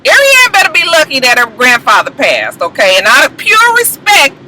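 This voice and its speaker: A woman's voice: sits high, huge pitch swings, moderate pace, heavy background noise. A woman giving a sassy, profane reality TV recap, mimicking the cast and laughing often.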